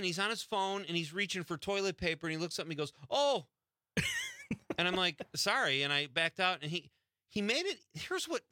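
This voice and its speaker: A man's voice: sits high, dry recording, clean studio sound. A middle-aged man hosting a talk radio show, telling a story with frequent laughs. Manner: animated, laughing anecdotes.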